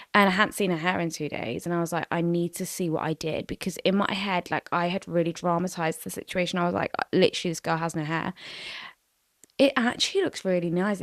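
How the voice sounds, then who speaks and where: A woman's voice: fairly low pitch, dry recording, clean studio sound. A woman in her twenties hosting a podcast solo, telling a story in a chatty, sweary way full of "like" fillers. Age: 20s. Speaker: podcast host. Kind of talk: casual solo podcast chat.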